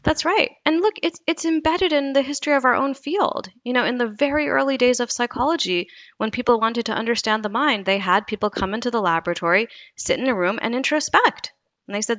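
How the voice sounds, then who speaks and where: A woman, a psychology researcher, explaining experiments in a lively, storytelling way during an interview. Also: a little high, a little fast, no room sound. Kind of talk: interview conversation.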